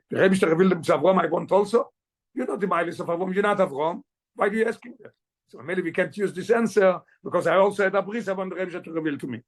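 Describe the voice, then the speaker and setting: Rabbi guy teaching a torah class, talks super fast, bounces between languages. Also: high-pitched. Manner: rapid, animated, switching languages mid-sentence. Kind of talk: Torah class, mixing English and Yiddish.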